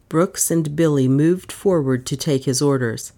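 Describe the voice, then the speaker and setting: A woman reading a mystery novel aloud in measured, even narration. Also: low-pitched. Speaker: audiobook narrator. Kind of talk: scripted narration.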